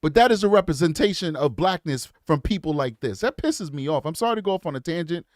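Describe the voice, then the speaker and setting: A man's voice: fairly high pitch, animated, fast, no room sound, clean studio sound. A man hosting a live true crime show, chatting casually and breaking into impassioned tangents. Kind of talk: live-stream commentary.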